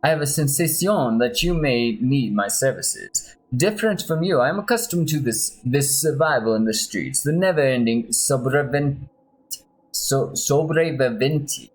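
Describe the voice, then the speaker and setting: A man voicing a charming middle-aged male mercenary with a put-on Spanish accent and smooth, persuasive talk. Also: medium pitch, animated, unhurried, voice pushed up.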